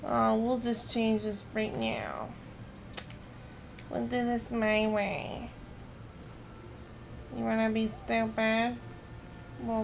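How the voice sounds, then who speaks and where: Woman, casual game commentary, higher voice, faint background noise, blunt and sarcastic. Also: creaky. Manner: blunt, swears, mocks the game. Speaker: gaming streamer.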